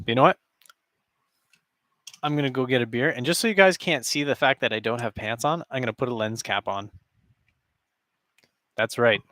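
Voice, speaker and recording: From his basement, set against a cardboard backdrop, a man casually chats and jokes with his stream audience, rambling with frequent chuckles. His mid-range voice is bright and forceful, at normal speed with frequent pauses.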